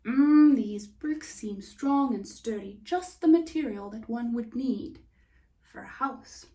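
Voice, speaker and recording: A woman voicing a sensible, thrifty little pig who speaks in a measured, hushed way. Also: on the high side, animated, far from the mic. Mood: thoughtful.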